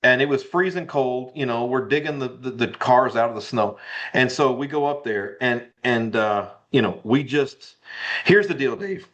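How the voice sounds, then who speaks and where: A mid-pitched man tells a personal story as a podcast guest. He gets excited and repeats phrases, pushing the tale along. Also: normal speed, muffled recording. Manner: animated, repetitive storyteller. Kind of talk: casual storytelling interview.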